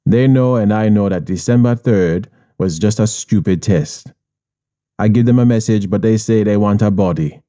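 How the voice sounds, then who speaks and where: A man's voice: lowish voice, dark tone. A man with a Jamaican accent narrating an audiobook in first person, hard, streetwise and profane.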